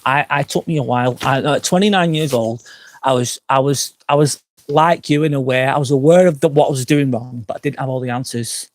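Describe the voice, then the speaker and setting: A man's voice: medium pitch, a little fast. A man in his forties, tipsy and slurring, chatting frankly on a live stream and answering comments outdoors at night, swearing often as he rambles. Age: 40s. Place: outdoors at night by a campsite fire pit.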